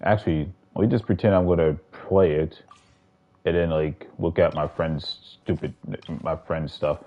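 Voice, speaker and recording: Very low-voiced and unhurried, this gaming streamer keeps a steady tone while he rambles casually, curses freely and restarts what he's saying. His audio is dull and lo-fi, like compressed stream sound.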